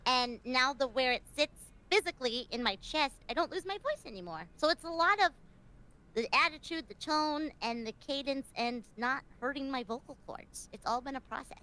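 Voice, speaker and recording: A high, lively woman's voice, bright and animated, swinging up and down as she chats on a panel. She is excitable, gasping and squealing between her stories. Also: moderate pace, poor audio. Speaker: streamer panelist. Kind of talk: casual panel chat.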